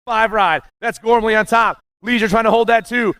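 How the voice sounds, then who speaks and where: A man calling live races as the announcer, excited and punchy, rattling off names and nicknames. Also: high-pitched, normal speed, smooth, no room sound, studio quality. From USA. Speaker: race announcer. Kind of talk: live race commentary.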